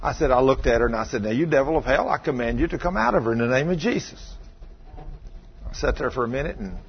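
A middle-aged man, a pastor telling a story in a sermon and acting out the scene with shouted commands. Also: mid-range voice, animated, quick pace, dull audio, a little hiss or hum.

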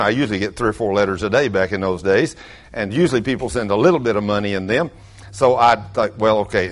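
An older man, preaching a folksy sermon full of acted-out stories. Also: fairly low pitch. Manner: animated storyteller, acts out quotes loudly.

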